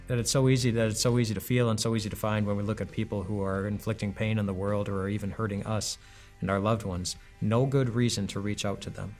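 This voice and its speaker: A man giving a conversational, reflective devotional sermon as a pastor, full of rhetorical questions. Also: lowish voice.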